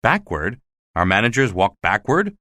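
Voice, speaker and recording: A man's voice: fairly low pitch, sing-song, normal speed, sharp tone, no room sound, studio quality. A man doing a sly, evasive theater official.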